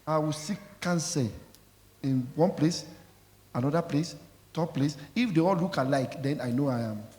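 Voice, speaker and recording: A man's voice: on the high side, moderate pace, a little mellow. A man preaching a sermon as pastor, emphatic and scolding, calling out questions for the congregation to answer. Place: church. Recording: echoey church hall.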